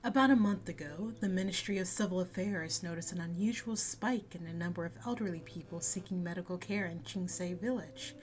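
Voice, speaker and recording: A woman voicing a cool, secretive female spy in a game, reading her lines in a calm, measured, low-key way. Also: slight background noise, natural voice. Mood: sly.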